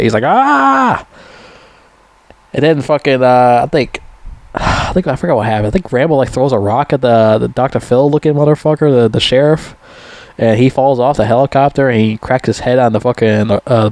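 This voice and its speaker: A man casually retelling a film's plot in a profane, rambling way, often laughing and mimicking characters in squeaky voices. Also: darkish tone, no echo. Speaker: movie reviewer. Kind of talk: casual rambling movie recap.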